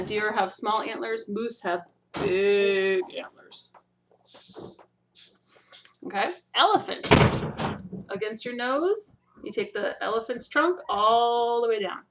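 A sign language teacher gives a video lesson, patiently demonstrating each sign slowly, repeating every word, and often checking in with "okay?". Her voice is medium in pitch and fairly bright, with slight background noise.

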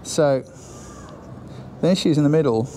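A man's voice: on the high side, a little slow, warm tone, a little hiss or hum. A man teaching photography on a shoot, chatty and encouraging, thinking aloud as he works. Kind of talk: on-location photo lesson. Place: outdoors then inside a building on a shoot.

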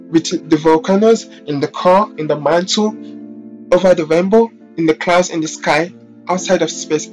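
A man telling a storytime vlog about work, sassy, dramatic and full of swearing. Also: a little high. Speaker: vlogger, hairstylist.

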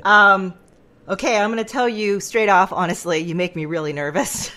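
A woman hosting a podcast, talking in a playful, expressive way and sometimes dropping to a soft near-whisper. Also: medium pitch, normal speed. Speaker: podcast host. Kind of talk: podcast intro monologue.

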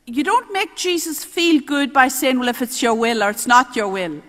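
Nun telling lively stories. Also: female voice, sits high, normal speed. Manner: lively storyteller with a chuckle. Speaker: nun giving a spiritual talk. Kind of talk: storytelling talk on prayer. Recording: roomy hall reverb.

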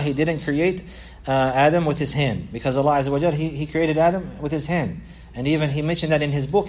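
A man with a medium-pitched, darkish voice teaches a religious lesson on a classical text. He repeats and restarts phrases and reads the quoted passages quickly.

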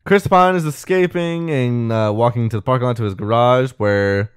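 Man recapping a film plot, animated. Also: mid-range voice, normal speed, smooth, no room sound, clean studio sound. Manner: animated retelling, acts out quoted lines, swears casually. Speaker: podcast co-host.

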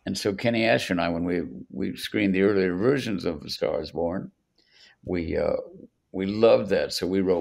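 Low gravelly older man telling stories. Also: moderate pace, a little mellow. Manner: rambling anecdotes with many restarts. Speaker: songwriter guest. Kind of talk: storytelling in a podcast interview.

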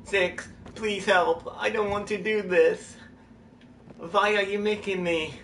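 A man's voice: sits high, steady tone, slow, a bit bright, voice pushed up, full character voice. A man putting on a whiny mock-German plea. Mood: pleading. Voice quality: exaggerated fake German accent. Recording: roomy, distant mic, noisy.

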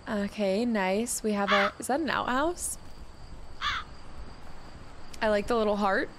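A woman streamer giving let's-play commentary, excitable and repeating words fast when she panics. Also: medium pitch, very noisy. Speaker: video game streamer. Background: loud game music.

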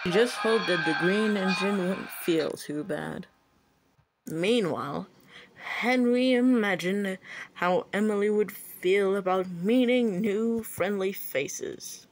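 A woman narrating a children's engine story in an unhurried, plain storytelling voice. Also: medium pitch. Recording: loud background music.

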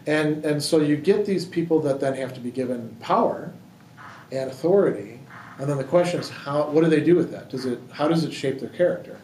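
A man's voice: a little high, animated, a little fast, a little mellow. A man leading a book discussion in a library room, thinking aloud with many fillers and restarts. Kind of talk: casual discussion. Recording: roomy hall, distant mic, faint noise.

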